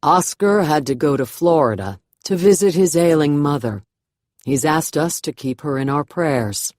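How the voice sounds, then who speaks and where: A woman's voice: low-pitched, lively intonation, moderate pace, darkish tone, no echo, studio quality. A woman voicing a benevolent male Southern reverend who drawls and raises his voice to carry across a stage. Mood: gentle.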